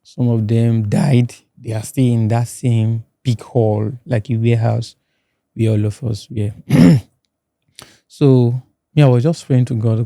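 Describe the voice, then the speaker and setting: A Nigerian-accented man telling his own story in a halting, restarting way. His voice is very mellow and dark, at a middle pitch. The recording is dry and close, as in a podcast studio. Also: steady tone, gravelly, no room sound. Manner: halting, restarts and repeats words. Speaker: guest. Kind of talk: personal testimony in a podcast interview.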